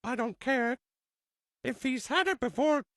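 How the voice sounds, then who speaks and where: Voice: high voice, unhurried, a bit bright, no room sound, studio quality. A storyteller voicing a mother lecturing her son, repeating herself. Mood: scolding. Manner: lecturing, repetitive. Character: scolding mother, adult woman, stern with her son.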